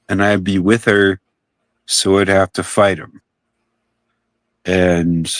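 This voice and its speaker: Young guy, low and relaxed, rambling storyteller, dry close mic. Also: dry recording. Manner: laid-back, rambling, swears casually. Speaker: co-host on a live stream. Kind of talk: casual storytelling chat.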